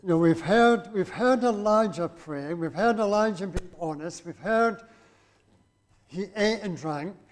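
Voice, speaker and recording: High-voiced man preaching a sermon. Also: unhurried. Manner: conversational, asks the listeners rhetorical questions. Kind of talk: sermon with scripture reading.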